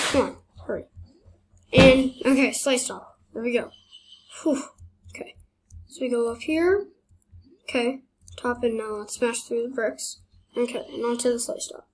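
A young woman hosting her gaming channel, giving casual gameplay commentary, excitable, exclaiming and laughing as she plays. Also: sits high, a little hiss or hum.

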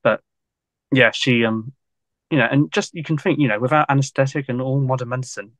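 A man's voice: mid-range voice, a little fast, a bit bright, no echo. Rambling man, chatty historian. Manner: rambling, full of "you know" fillers, laughing often. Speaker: guest historian. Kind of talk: casual podcast interview.

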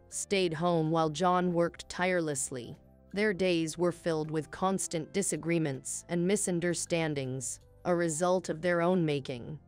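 A woman narrating a scripted first-person story in a calm, cool, measured manner. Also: low-pitched. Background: faint music.

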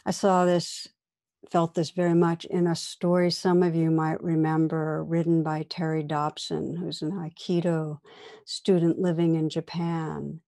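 A woman meditation teacher giving a dharma talk, telling a story in a gentle, measured way that sometimes drops to a soft whisper. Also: deep voice, little pitch movement, gravelly.

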